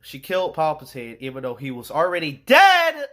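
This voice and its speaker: A young man with a fairly high voice gives a loose, rambling rant about a film. He talks in slang and stops often to search for words. He sounds exasperated the whole way through. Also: wildly swooping pitch, normal speed, bright, forceful tone. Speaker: movie reviewer. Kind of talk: casual movie rant.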